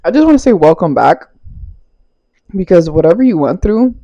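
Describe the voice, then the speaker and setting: A woman's voice: on the low side, big pitch swings, moderate pace, pauses often, muffled recording. A young woman giving a casual spiritual tarot reading, loose and chatty, laughing often and swearing casually. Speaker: tarot reader. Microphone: small clip-on mic.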